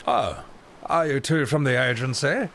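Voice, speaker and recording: A man voicing a frail dying old man in a video game playthrough, with soft, hesitant, old-fashioned politeness. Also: mid-range voice, measured pace, slight background noise, natural voice. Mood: courteous. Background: game music.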